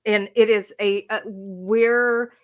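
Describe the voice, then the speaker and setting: A middle-aged woman with a Southern American accent, co-hosting a podcast in casual, animated chat, laughing and exclaiming often. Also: medium pitch, slow. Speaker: podcast co-host.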